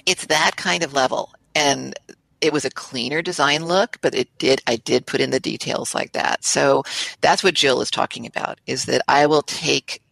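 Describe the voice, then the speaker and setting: A woman, an interior designer, talking in an animated, conversational way as an interview guest, with frequent laughs and soft trailing asides. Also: a bass voice, moderate pace, creaky, dry recording.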